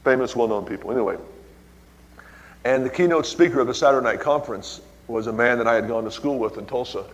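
A man's voice: medium pitch, fast talker. Preaching man in an echoing hall. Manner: exclaims "hallelujah" and calls out to the congregation. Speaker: pastor. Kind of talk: preaching a sermon with personal stories. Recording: long reverb in a large hall.

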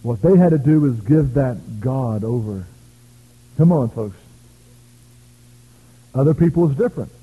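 This American preacher has a mid-range, expressive voice with a breathy edge, taking his time and leaving long pauses. He tells stories in a revival sermon, emphatic and punctuated by shouts of praise. The recording is tinny and lo-fi, phone-like.

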